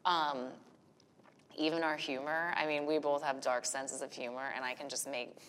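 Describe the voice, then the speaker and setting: Low-pitched woman guest, blunt and profane, lively storyteller; long room reverb. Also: moderate pace, clean tone. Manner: frank, profane, animated storytelling. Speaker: podcast guest, business owner and mother. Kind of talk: candid casual interview talk.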